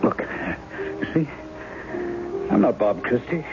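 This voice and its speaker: A man's voice: on the low side, big pitch swings, moderate pace. An actor in a 1970s radio drama playing a charming, playful man who poses as a woman's long-lost husband. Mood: pleading, confessing. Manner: playful and teasing. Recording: muffled 1970s radio broadcast with music.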